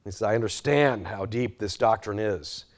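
A man's voice: on the low side, moderate pace. A man teaching a sermon-style class, earnest and emphatic, with frequent restarts and sudden emphatic peaks. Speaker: pastor or Bible teacher.

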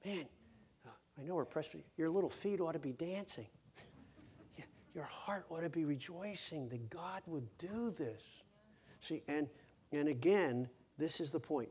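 A man's voice: fairly high pitch, slightly rough. A man preaching a sermon as pastor, emphatic, repeating words and asking the congregation questions. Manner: emphatic, repeats words when stressing a point.

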